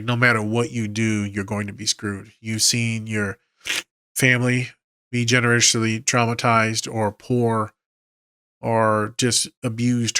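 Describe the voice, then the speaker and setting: Hosting a podcast as a therapist, a man casually breaks down films, retelling scenes with emotion, quoting lines, and swearing. His voice is mid-range, gravelly, and fairly bright, recorded dry at studio quality.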